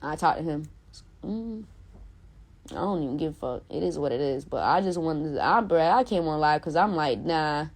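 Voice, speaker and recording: Blunt, profane woman ranting, lower voice. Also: animated, normal speed. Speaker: live-stream host. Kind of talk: heated casual rant. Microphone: phone.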